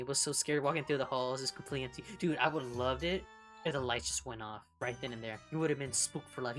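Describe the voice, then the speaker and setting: A young woman from California, a streamer chatting casually while reading along, blunt and profane and quick to laugh. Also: low-pitched. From California, United States.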